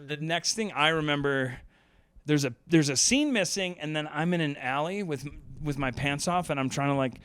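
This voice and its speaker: A man's voice: mid-range voice, a bit bright, clear, resonant tone, no room sound. Rambling man telling a story. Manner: rambling, lots of "like" and "um", laughs while telling. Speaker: podcast host telling a story. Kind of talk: casual storytelling.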